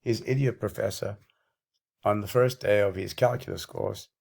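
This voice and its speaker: Male channel host, low voice, breathless, ranting with contempt and self-praise. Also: steady tone, normal speed, vocal fry, darkish tone. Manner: combative, self-aggrandizing, contemptuous. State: out of breath and losing his voice. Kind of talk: ranting monologue.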